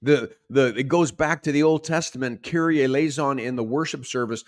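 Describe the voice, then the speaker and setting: Male pastor, lively sermon delivery, mid-pitched voice, dramatizes quotes. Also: moderate pace. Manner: animated preaching, acts out shouted quotes.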